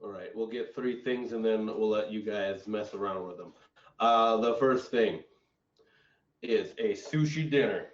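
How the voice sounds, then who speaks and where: A young man hosts an online improv show, drawling slowly as he hands out prompts. He sounds far from the mic, with roomy echo on dull, muffled video-call audio. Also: on the low side. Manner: laid-back and unhurried, announcing games and picking prompts.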